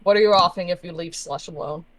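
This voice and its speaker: A man's voice: sits high, quick pace, a bit bright, no room sound, poor audio. A man playing a tabletop game in character, answering bluntly and defiantly. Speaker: player. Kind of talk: in-character tabletop role-play.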